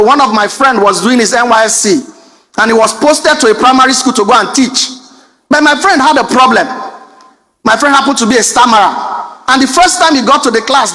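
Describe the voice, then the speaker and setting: Nigerian man, high-pitched stand-up comic, animated storyteller, big reverberant hall. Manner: animated storytelling, mimicking a stammer, laughing through lines. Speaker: stand-up comedian. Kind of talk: stand-up comedy addressing the president. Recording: long reverb of a large hall.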